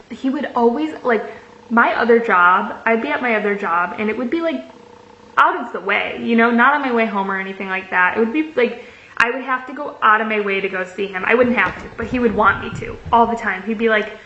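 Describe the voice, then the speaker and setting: Young woman vlogging, chatty and sweary, bright slightly high voice, echoey muffled room. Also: normal speed. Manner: chatty, swears freely, many fillers. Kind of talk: casual storytime, reading messages aloud.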